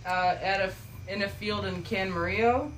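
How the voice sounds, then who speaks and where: A woman's voice: mid-range voice, moderate pace, slight background noise, rough recording. A woman from Tennessee, a guest performer on a podcast, chatting casually with giggly, absurd teasing. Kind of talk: casual chat.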